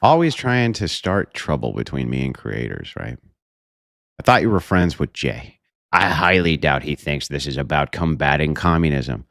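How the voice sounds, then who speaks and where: A man's voice: rumbling low, sing-song, normal speed, gravelly, a bit bright, no echo, clean studio sound. A man hosting a livestream who reacts in a combative, sarcastic way and swears freely. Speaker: livestream host.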